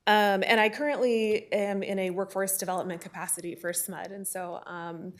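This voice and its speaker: A woman applying for a city commission seat, introducing herself in a friendly, halting way at a council meeting podium. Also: mid-range voice, fairly even intonation. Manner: friendly, hesitant with many fillers. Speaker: commission applicant. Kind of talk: public comment introduction. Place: council chamber.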